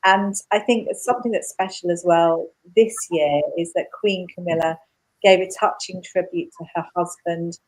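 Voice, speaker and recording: A woman's voice: lowish voice, steady tone, normal speed, poor audio. A woman presenting royal news in a chatty, enthusiastic way, speaking from a studio. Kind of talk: casual news chat.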